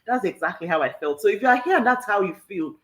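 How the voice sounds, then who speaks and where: A woman's voice: medium pitch, animated, quick pace, a bit bright. Emphatic woman coach, roomy echo. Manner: emphatic and repetitive, with frequent "all right"; laughs often while talking. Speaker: business coach hosting a workshop. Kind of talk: live online workshop talk.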